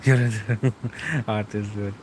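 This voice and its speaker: A man's voice: on the low side, steady tone, takes it slowly, a little mellow, a little hiss or hum, rough recording. A young man streaming late at night, reading out chat and answering in a rambling, casual way with frequent chuckles.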